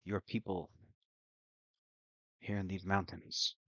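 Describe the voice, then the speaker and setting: A man's voice: sits low, level tone, takes it slowly, fairly bright tone, no room sound, heavily acted. A man voicing a cheerful, bargain-loving female traveler in a tabletop game, speaking in a grand, theatrical way. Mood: curious. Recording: dull lo-fi recording.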